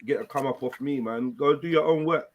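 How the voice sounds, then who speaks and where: A man's voice: medium pitch, brisk, muffled recording, slight background noise. A man on a live panel, mocking and dismissive as he waves off a caller.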